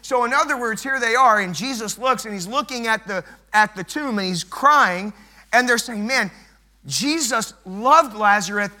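A man preaching an evening sermon, emphatic and repetitive, swelling loud and dropping soft. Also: very high-pitched, moderate pace.

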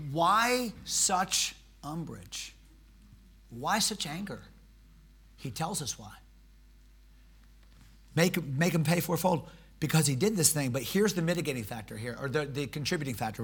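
Male preacher, sermon, bright tone, animated, conversational, swings quiet to loud. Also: a little high, a little slow, long pauses, breathy edge. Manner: humorous, conversational. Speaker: pastor.

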